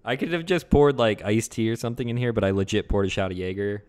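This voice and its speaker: A young man chatting on a casual podcast with a low, smooth voice. He is relaxed and jokey and lets his sentences trail off softly. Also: fast. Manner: laid-back, joking, trails off quietly. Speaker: podcast co-host.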